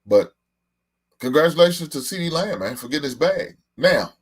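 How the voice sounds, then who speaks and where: A man's voice: on the high side, lively intonation, normal speed, husky. A man in his forties hosting a casual live stream, talking loosely and profanely, laughing and reading out comments from his chat. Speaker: podcast host.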